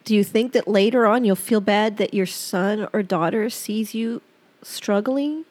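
On her personal podcast, a middle-aged host shares entries from her journal, speaking openly and reflectively in a halting way, close to tears. Her pitch is medium and her tone a little mellow.

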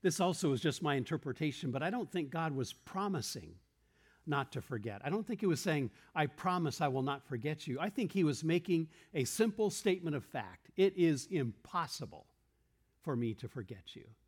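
A man's voice: on the high side, animated, brisk, husky. A man preaching a sermon in a church room, earnest and explanatory, posing questions and quoting verses to the congregation.

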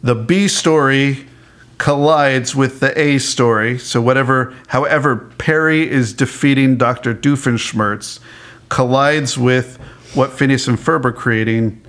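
A man chatting casually as a podcast co-host, animated, laughing often and restarting his sentences. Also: medium pitch, a little slow. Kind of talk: casual chat about a cartoon.

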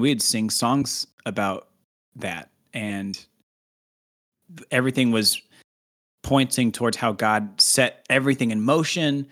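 A man's voice: medium pitch, a bit bright. A man co-hosting a casual podcast, reading scripture aloud with playful, joking asides and frequent laughter.

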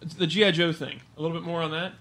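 A man's voice: a little high, flat delivery, rapid-fire, fairly bright tone. A man co-hosting a casual podcast, joking and rambling, snacking on air. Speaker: podcast co-host. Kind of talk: casual chat.

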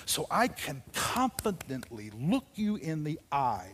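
A man preaching a sermon as a pastor, dramatic, dropping from loud declarations to hushed, near-whispered lines. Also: a little high, big pitch swings, unhurried, few pauses, a little hiss or hum. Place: church sanctuary.

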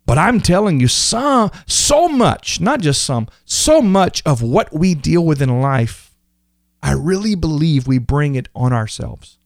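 A man preaching a sermon, acting out people's everyday complaints in quick mimicry. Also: a little high, sing-song, no echo, clean studio sound. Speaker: pastor.

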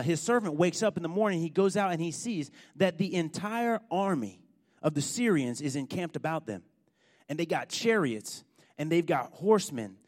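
A man preaching a sermon, telling a story with animated, emphatic build-ups. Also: fairly high pitch. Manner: animated storytelling, rising to loud emphatic points.

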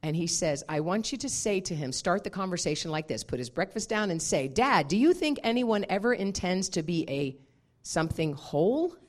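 A woman minister preaches a sermon in a lively, storytelling manner. Her pitch swings widely as she acts out the scenes, and she laughs often between lines. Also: moderate pace.

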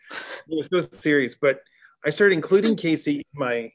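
A middle-aged man from Texas, a teacher telling a classroom story in an interview, earnest, with restarts and excited bursts. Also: a little high, moderate pace. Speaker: teacher and author guest. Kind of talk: storytelling in conversation.

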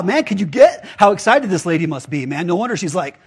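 A man's voice: high voice, very animated, fairly quick, breathy edge. A man pastor giving a casual, conversational sermon, full of rhetorical questions to the congregation.

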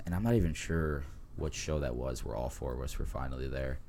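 A deep-voiced man in his twenties, a podcast guest telling laid-back stories with lots of laughs and fillers. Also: quick pace, a little mellow. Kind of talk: casual podcast chat.

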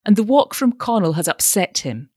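A shy, earnest young daughter in a storybook reading, voiced by the woman narrator. She speaks softly and pleads, with lively rises and falls, in a dry close sound. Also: medium pitch, moderate pace, no room sound, pitched above the performer's own voice. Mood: pleading.

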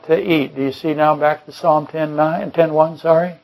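A man's voice: on the high side, little pitch movement, moderate pace, vocal fry, darkish tone, poor audio. A man preaching a Bible-study sermon, rambling and correcting himself mid-sentence, firing off rhetorical questions and dropping joking asides. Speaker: pastor.

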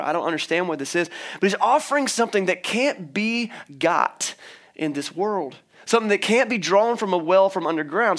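A young male pastor gives a relaxed, conversational sermon, telling a scripture story in his own words. His voice sits a little high, and he slips into playful voices for the people in the story. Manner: conversational, acts out the characters' lines with playful voices.

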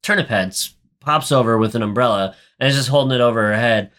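A man's voice: medium pitch, fairly quick, fairly bright tone. Rich: A young man talking loosely about a film he has just watched, crude and joking. He rambles through the plot with plenty of fillers and asides, in a mid-range voice. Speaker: podcast co-host. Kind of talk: casual movie recap chat.

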